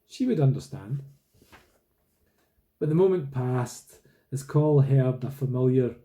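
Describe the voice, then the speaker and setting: A man reading a novel aloud in steady, plain storytelling. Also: mid-range voice. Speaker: reader.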